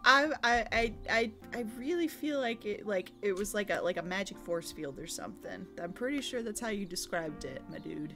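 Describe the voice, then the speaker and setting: A chatty woman co-hosting a podcast, recapping a game session with lots of giggles and teasing. Her voice sits at an ordinary middle pitch. Faint music plays behind her. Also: expressive, moderate pace, few pauses, pushed and bright. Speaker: podcast co-host. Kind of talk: casual recap chat.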